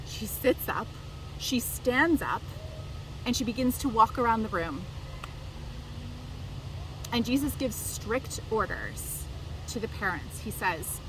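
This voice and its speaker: Casting: woman storyteller, slow and measured, fairly high voice, mic set back, cars passing behind. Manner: slow, deliberate, expressive telling. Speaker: biblical storyteller. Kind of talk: memorized scripture storytelling. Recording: distant mic, traffic noise.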